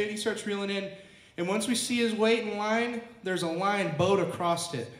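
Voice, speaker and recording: Young man, high-pitched storyteller, crude and animated, roomy echo. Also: moderate pace. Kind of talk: storytelling to a live audience. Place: roomy clubhouse. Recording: echoey room.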